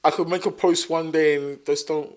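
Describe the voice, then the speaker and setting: A man with a London accent, chatting casually as a podcast guest and telling stories in an animated way, full of fillers. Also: fairly high pitch, moderate pace. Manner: animated storyteller with many fillers. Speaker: podcast guest, content creator. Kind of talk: casual chat.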